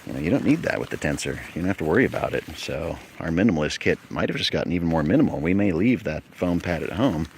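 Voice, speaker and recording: Deep gravelly guy showing off gear in his tent, chatty, phone mic, lots of noise behind. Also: animated, quick pace, hardly any pauses. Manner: chatty, folksy, thinking aloud. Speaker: outdoor gear reviewer. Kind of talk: casual gear demo. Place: inside a small tent outdoors. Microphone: phone held in hand.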